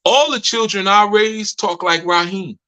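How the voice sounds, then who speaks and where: Man, bright and fairly high voice, laughing storyteller talking casually to his community. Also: unhurried, clear, resonant tone, poor audio. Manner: laughs often, loose colloquial storytelling. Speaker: community leader speaking to members.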